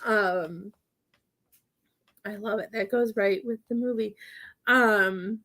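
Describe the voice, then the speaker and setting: A woman's voice: medium pitch, steady tone, takes it slowly, a bit bright. A woman giving a psychic medium reading on a live stream, talking in a hesitant, rambling way with many fillers and often getting choked up. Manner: emotional, gets choked up.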